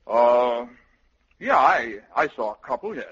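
A man playing a scheming cavalry colonel who gives short, hushed orders, in a 1950s radio comedy style. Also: medium pitch, lively intonation, unhurried, slight background noise, pitched below the performer's own voice. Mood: evasive. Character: scheming middle-aged male cavalry colonel, curt and sneaky. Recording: dull lo-fi old radio recording.

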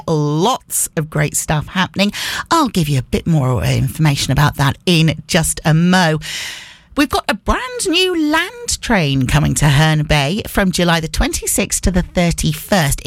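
A woman's voice: lowish voice, dry recording. A woman presenting local radio, reading out event listings in a chatty way and joking about her own slips. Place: radio studio.

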